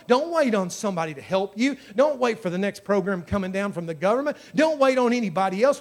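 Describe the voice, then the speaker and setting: A man preaching a sermon with passion, dropping to a hush and then building to loud, ringing calls. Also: high voice, expressive, fast, few pauses. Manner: impassioned, swinging from hushed to shouting.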